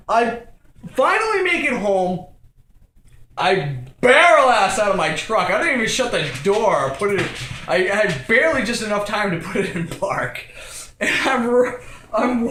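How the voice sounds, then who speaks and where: Young man, comic storyteller, high lively voice, echoey room. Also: unhurried, a little hiss or hum. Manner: animated, escalating, acts out quotes with shouts and laughter. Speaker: vlogger telling a story.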